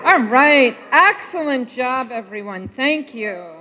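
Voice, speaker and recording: A woman leads a live church pageant, talking slowly with a lively, rising and falling voice. She is chatty and often loses her place and corrects herself. A long church echo hangs on every word. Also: high-pitched, background noise. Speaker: worship leader directing a pageant. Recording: echoey church sanctuary.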